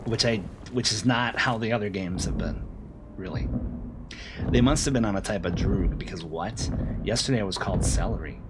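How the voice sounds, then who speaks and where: A man streaming a game, chatting casually with viewers and breaking into loud, excited outbursts between low mumbles. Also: normal speed, background noise. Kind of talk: casual live-stream chat.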